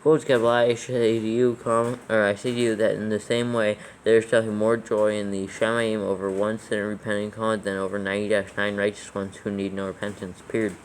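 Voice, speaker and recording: A man's voice: lowish voice, flat delivery, fairly quick, hardly any pauses, a little hiss or hum, poor audio. A man dictating scripture aloud for proofreading, steadily reading the text and naming every comma, capital and quote mark.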